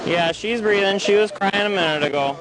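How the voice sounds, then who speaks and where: A man's voice: high-pitched, fairly quick, over a noisy crowd. A police officer at a driveway, urgently reassuring a family as he checks a baby, heard through a body camera. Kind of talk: bodycam field talk. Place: outdoors at a home driveway at night. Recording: noisy outdoor bodycam audio.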